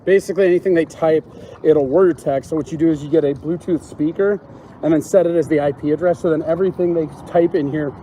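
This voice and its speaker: A man's voice: on the high side, fairly even intonation, fast, mellow. A man hosting a casual walking livestream on city streets, trading crude jokes with a guest. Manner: crude joking banter. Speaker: streamer host. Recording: outdoor street noise.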